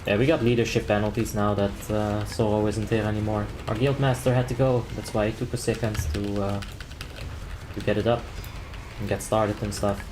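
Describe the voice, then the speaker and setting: A man's voice: lowish voice, flat delivery, normal speed, background noise. A young man from the Netherlands chatting casually on a game stream, joking, reading chat aloud and calling raid tactics. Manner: laid-back, joking, reads chat aloud and laughs often.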